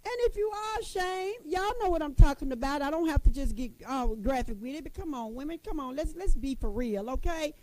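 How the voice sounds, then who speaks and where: A middle-aged woman gives a motivational talk with a high-pitched but mellow voice. She is folksy and emphatic, circling back to the same phrases and calling her listeners honey. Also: expressive, brisk, few pauses, dry recording, rough recording. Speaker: motivational speaker addressing women.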